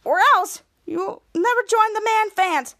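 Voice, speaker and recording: A haughty, mocking girl who runs a fan club, as a woman puts her on. The voice is very high, with a dry, close sound. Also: unhurried, bright, forceful tone, no room sound, full character voice.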